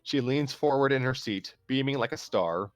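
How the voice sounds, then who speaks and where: A man calmly narrating a fan story aloud on a livestream, steady with small restarts. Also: mid-range voice, normal speed, no echo, faint music behind. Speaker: storyteller host.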